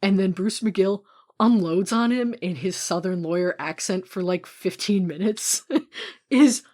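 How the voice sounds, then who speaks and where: A woman's voice: medium pitch, a little slow, a little mellow. A woman co-hosting a podcast, chatting casually and enthusiastically about a film, laughing often and trailing off into fillers. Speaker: podcast co-host.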